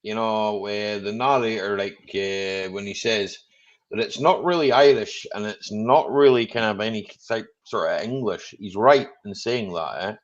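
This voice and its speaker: A man's voice: lowish voice, normal speed, muffled recording. A man hosting a live chat stream, talking in a casual, rambling way full of "you know".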